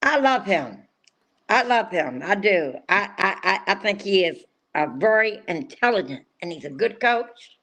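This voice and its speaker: An older woman from North Carolina co-hosting a podcast, chatting casually in a rambling, excitable way with frequent restarts. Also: medium pitch, unhurried. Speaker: podcast co-host. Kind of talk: casual chat.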